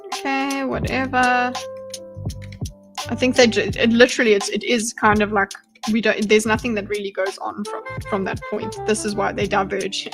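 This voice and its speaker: A woman's voice: medium pitch, level tone, moderate pace, over music. A woman hosting a live stream, casually reacting to a debate video, thinking aloud and greeting her chat. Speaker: commentary streamer.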